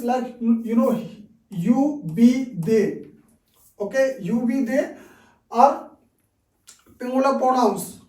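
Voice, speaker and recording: Man, English teacher, high-pitched, slow and repetitive delivery for beginners; distant mic in an echoey room. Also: darkish tone. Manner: slow and patient, repeats each example, frequent "okay". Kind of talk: grammar lesson for beginners.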